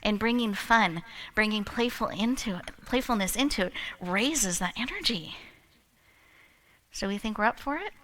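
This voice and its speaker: At a moderate pace and in a mid-range voice, this woman hosts a live event as emcee. She tells a playful story full of laughter, staying animated, laughing often, and guiding the audience.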